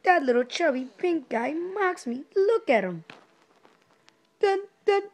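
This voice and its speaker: A woman improvising a comedy role-play as a sassy fast-food cashier, taunting customers in sing-song greetings and low mutters. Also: animated, darkish tone.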